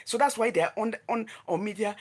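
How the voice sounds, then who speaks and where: This woman vlogger, who runs her own gossip news channel, speaks with a Nigerian accent in a mid-range, darkish voice, a little fast. Her rant is heated and confrontational, scolding her target with emphatic repetition.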